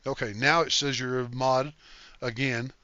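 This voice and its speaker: A man's voice: mid-range voice, fairly even intonation, normal speed, sharp tone, no room sound, lo-fi sound. An older man hosting a casual game livestream, reading chat aloud in an easygoing, folksy way and thanking viewers.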